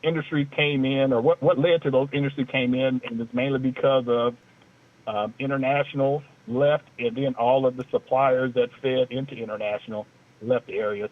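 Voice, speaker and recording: Over a tinny phone line, a man with a steady, mid-range voice speaks at normal speed. As co-host of a casual talk show, he rambles in a loose, joking talk-radio style.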